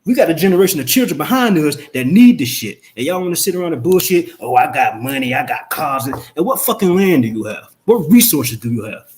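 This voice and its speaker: A man talks to his viewers in a casual live-stream rant. His voice sits a little higher than most men's. He is blunt and profane, piling on rhetorical questions and tumbling into fast, rambling outbursts. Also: very animated, a little mellow.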